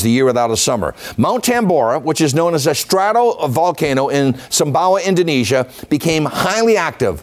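A man giving an illustrated history talk as a folklorist, reciting dates and figures steadily with chatty asides to the audience. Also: on the high side. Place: senior center meeting room.

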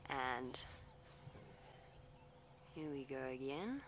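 A low, expressive and slightly bright female voice, at a moderate pace with a little hiss or hum. The speaker is a safari guide outdoors in her vehicle, coaxing an elephant in a soothing, pleading way and matter-of-factly explaining its behavior in live commentary to camera.

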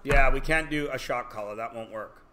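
Joking man teaching a class, bright voice. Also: mid-range voice, normal speed. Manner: joking, self-deprecating, talks to students. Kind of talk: classroom lecture.

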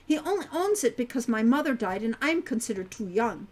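A woman's voice: on the high side, very animated, brisk, a little mellow. A woman voicing Hilda, prim teen centaur girl. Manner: formal, avoids contractions. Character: prim fourteen-year-old centaur farm girl.

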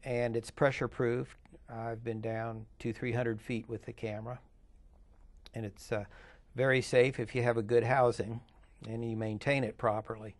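An older man sits as an interview guest and tells his stories at a relaxed, rambling pace. He stops often on fillers and restarts, and his voice sits in a typical middle pitch for a man. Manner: rambling, chatty, with filler pauses. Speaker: interview guest, underwater photographer. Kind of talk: casual interview storytelling.

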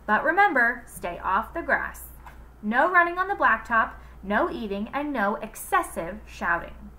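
A woman's voice: a little high, lively intonation, a little slow, bright, forceful tone, pitched above the performer's own voice. A woman reading aloud as a fussy, rule-obsessed young man who supervises a playground, speaking primly. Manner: prim, stickling.

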